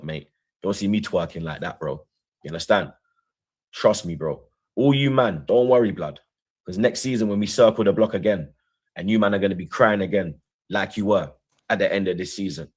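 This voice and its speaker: A man's voice: low-pitched, brisk, pauses often, darkish tone, slightly rough. A man, co-hosting a reaction show, boasting defiantly about his football club. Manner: boastful, defiant trash talk. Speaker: reaction channel co-host. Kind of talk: casual football banter.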